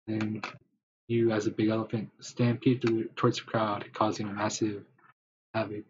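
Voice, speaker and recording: A man's voice: fairly low pitch, little pitch movement, moderate pace, darkish tone. A man improvising a rambling story in the second person, with many fillers, on a dull lo-fi recording with faint hiss.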